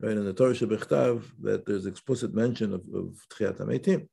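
A man teaching an informal Torah class, talking in halting phrases with frequent restarts and checking questions. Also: on the low side, vocal fry, dark tone, breathy edge. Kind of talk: informal religious lesson.

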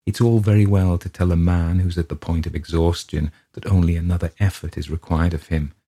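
Low, husky male storyteller. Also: steady tone, brisk, dark tone. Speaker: narrator. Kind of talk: audiobook narration of a classic ghost story.

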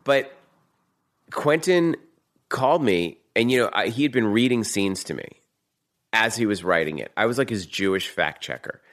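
A man with a Boston accent telling a story in a fast, profane, animated way as a guest in a casual chat. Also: lowish voice.

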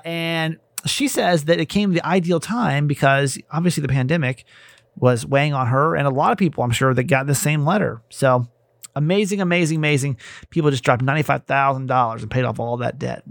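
A man's voice: on the high side, creaky, no echo. A man hosting a casual podcast, chatty and repeating words for emphasis. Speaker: podcast host.

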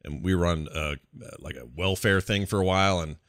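A man's voice: low voice, fairly quick, fairly bright tone, no echo, clean studio sound. A man in his forties co-hosting a podcast, chatting casually with a joking, self-deprecating manner. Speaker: podcast co-host. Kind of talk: casual chat.

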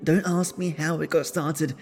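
A man voicing a carefree, playful young woman who talks in a high, insistent, girlish way. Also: fairly even intonation, measured pace, gravelly, a little mellow, soft background music.

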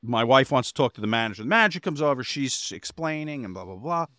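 A man's voice: medium pitch, expressive, quick pace, pushed and bright, no room sound, studio quality. A man co-hosting a podcast, telling a rambling anecdote in casual chat and getting exasperated as he goes. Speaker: podcast co-host.

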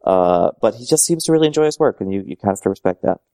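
Deep-voiced, wry man co-hosting a podcast. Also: rapid-fire. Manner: wry and deadpan, with ums and dry jokes. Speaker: podcast co-host. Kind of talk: casual podcast chat.

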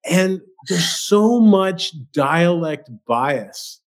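A man's voice: high-pitched, expressive, drawn-out words. Rambling, laughing male podcast guest. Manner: rambling, laughing, repeats himself. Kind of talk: casual chat.

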